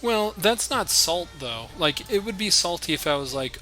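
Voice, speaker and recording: A man's voice: high-pitched, very animated, normal speed, few pauses, bright, forceful tone, soft background music. A man streaming a card game live, thinking his moves aloud in a chatty way and talking to his opponent and viewers.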